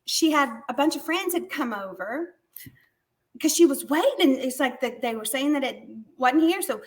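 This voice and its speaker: A woman author with a Southern American accent, telling stories in a chatty, animated way during a casual interview from her converted barn home over a video call. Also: sits high, normal speed. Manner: animated storyteller, chatty with restarts.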